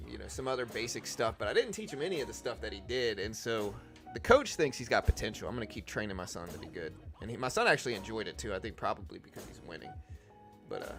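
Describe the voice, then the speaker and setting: A man hosting a live trading stream, talking quickly and casually, thinking aloud with slang like dude and bro, on a desk microphone. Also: fairly low pitch, fairly bright tone.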